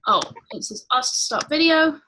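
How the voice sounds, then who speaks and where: A woman hosting a casual live-stream chat, excited and gushing as she greets her guest. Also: high voice, normal speed, slight background noise. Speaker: livestream host.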